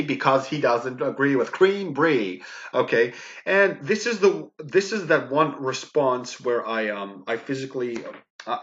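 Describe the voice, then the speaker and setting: A man's voice: medium pitch, a bit bright. A man from Greece, ranting in a mocking commentary full of fillers. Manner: emphatic, mocking, with many fillers and "okay?". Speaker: YouTube commentator. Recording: dull lo-fi mic.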